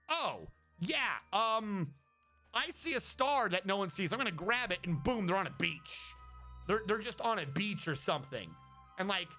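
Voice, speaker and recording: High, bright-voiced rambling male streamer. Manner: rambling and profane, with many restarts. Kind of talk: casual chat.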